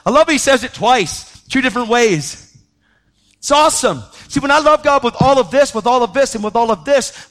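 A man preaching a sermon, telling a story with lively energy and acting out the voices of the people in it. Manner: animated, acts out quoted voices, pitch jumping up when excited.

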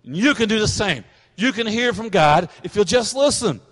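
A middle-aged man preaching a sermon as a pastor, animated and quick to act out the voices of people he describes. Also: sits high, big-room sound.

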